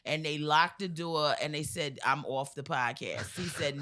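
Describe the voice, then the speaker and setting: A woman's voice: low voice, unhurried. A woman comedian with an American accent, telling a long joke on a podcast and acting out every voice. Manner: animated storyteller, acts out voices and monkey noises. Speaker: comedian guest.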